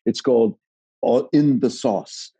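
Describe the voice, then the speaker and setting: Warm, husky-voiced man telling a story. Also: mid-range voice, a little slow, no echo. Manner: rambling, animated, restarts. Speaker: podcast guest, actor. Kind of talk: casual chat, storytelling.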